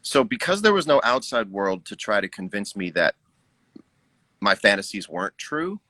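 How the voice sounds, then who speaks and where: An American man in his forties talks through his own record in a loose livestream chat. His voice sounds dry and close, and it carries a bright edge over a low pitch. He moves between reflective points and dry jokes. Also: moderate pace, no echo, poor audio. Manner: relaxed, reflective, joking. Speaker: musician discussing his record. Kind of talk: casual conversation on a livestream. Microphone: video call.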